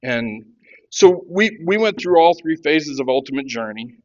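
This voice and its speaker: Man, 50s, giving a testimony with a raised voice; halting, restarts a lot; dry, dull-sounding recording. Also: fairly high pitch, no room sound. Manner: halting, with many restarts, gets animated retelling his anger. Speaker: workshop participant sharing testimony. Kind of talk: personal testimony.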